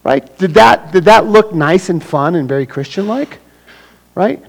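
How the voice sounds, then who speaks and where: Guy preaching a sermon, really animated, gets loud acting stuff out then goes hushed and low. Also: a little slow, creaky, low-quality recording. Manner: animated, acts out scenes with sudden loud bursts; drops to a hushed low voice for serious points. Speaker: pastor.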